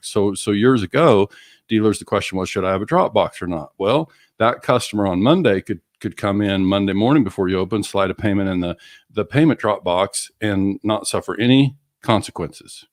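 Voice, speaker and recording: A middle-aged man with a lowish voice, an auto finance coach, co-hosts a business podcast, explaining ideas through examples and role-playing customer conversations. The recording is studio quality, with no echo.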